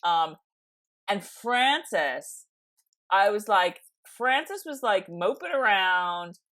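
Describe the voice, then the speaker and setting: A woman co-hosting a podcast, chatting in an excitable, dramatic way with lots of laughter. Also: medium pitch, slow. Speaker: podcast co-host. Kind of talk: casual chat.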